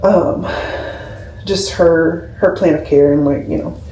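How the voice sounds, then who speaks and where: A woman's voice: low-pitched, takes it slowly, dark tone, slight background noise. Rambling young woman in a roomy room. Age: 20s. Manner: rambling, heartfelt, fills with "like". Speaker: labor and delivery nurse, vlogger. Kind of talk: casual chat to camera. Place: home room, camera on a skincare shelf. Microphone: camera mic at a distance. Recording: roomy, slightly distant camera audio.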